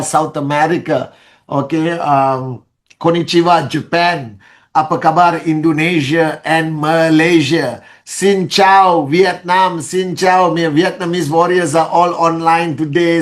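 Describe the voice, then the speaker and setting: A middle-aged man leading a live online call, speaking softly and greeting viewers one by one by name. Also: on the high side. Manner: softly spoken; greets viewers by name with many shout-outs. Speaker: leader of a network-marketing live call. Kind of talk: live-stream motivational talk.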